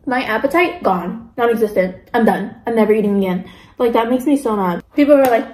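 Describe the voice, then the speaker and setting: A woman's voice: fairly high pitch, a little fast, a little mellow. Chatty young woman venting, echoey room. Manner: chatty, filler-heavy ranting about pet peeves. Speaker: mukbang vlogger. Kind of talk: casual chat while eating.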